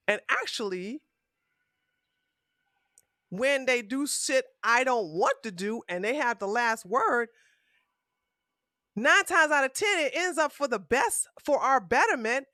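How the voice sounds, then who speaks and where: A woman giving blunt, profane livestream commentary in a casual, animated way, close to the mic. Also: high voice, no room sound. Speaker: commentary streamer.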